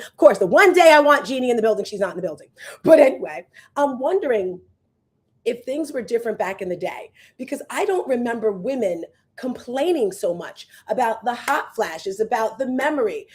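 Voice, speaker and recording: A woman in her fifties hosting a show as a fitness coach, chatting casually and telling animated stories to her viewers. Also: fairly high pitch. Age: 50s. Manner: animated storyteller, acts out voices and exclamations.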